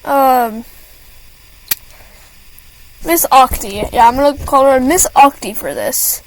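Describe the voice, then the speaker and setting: A woman's voice: high voice, takes it slowly, a little hiss or hum, poor audio. A teenage girl ranting to camera about school, rambling with lots of fillers and restarts and stopping to apologize. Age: teens. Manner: apologetic asides. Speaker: student venting to camera. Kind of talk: casual rant.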